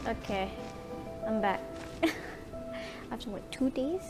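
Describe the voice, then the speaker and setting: A woman reacting casually while playing a game, muttering slowly to herself. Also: a little high, lively intonation. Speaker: game player. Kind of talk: casual gameplay commentary. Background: game music.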